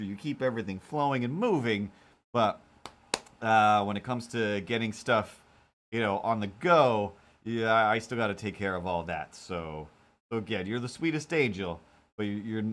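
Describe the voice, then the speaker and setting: A man's voice: mid-range voice, fairly bright tone. Rambling self-deprecating male streamer. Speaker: live-stream host and cartoonist. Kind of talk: casual live-stream chat.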